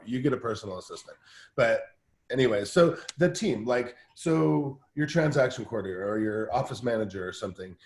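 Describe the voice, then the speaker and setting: Man talking shop fast, lots of restarts, mid-pitch voice, echoey room. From Southern California. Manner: energetic, fast storytelling with many restarts. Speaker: guest team-building coach. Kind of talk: casual interview talk.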